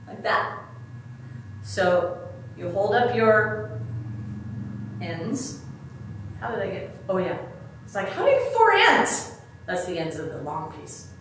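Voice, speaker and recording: Speaking slowly with long pauses and big swings in pitch, this middle-aged DIY expert has a fairly low voice. She walks through a craft demo step by step in a chatty, self-deprecating manner, captured by a distant mic in an echoey room with some faint background noise.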